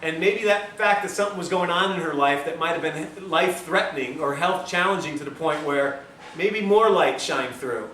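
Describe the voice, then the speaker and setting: Bright-voiced man telling a story in a lecture. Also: fairly high pitch, normal speed. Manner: animated, self-mocking storyteller. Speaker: health lecturer. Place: lecture room with audience. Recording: roomy, distant mic, faint hiss.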